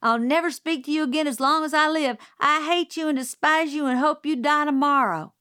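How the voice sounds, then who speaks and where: A woman voicing a fiery, defiant young girl in an audiobook, heated and quick. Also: high-pitched, bright, forceful tone, no room sound, clean studio sound, voice pushed up. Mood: furious. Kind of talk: audiobook character voice.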